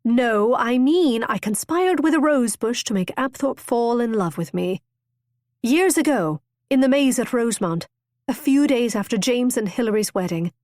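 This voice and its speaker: A woman's voice: fairly high pitch, animated, normal speed, dry recording, clean studio sound, pitched above the performer's own voice, close to an everyday voice. A woman voicing an impulsive, witty young noblewoman who tells her tale eagerly and theatrically. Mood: lively. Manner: bright, eager, storytelling.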